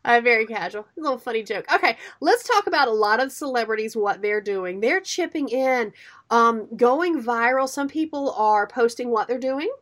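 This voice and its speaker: A high-pitched middle-aged woman co-hosting a radio show in casual chat. She tells animated stories and throws herself into every quoted line. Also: normal speed. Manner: animated storyteller, acts out quotes.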